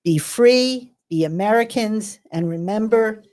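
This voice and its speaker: A middle-aged woman from New Jersey hosting a radio talk show, telling a joke with a deadpan delivery and then signing off. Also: mid-range voice, measured pace.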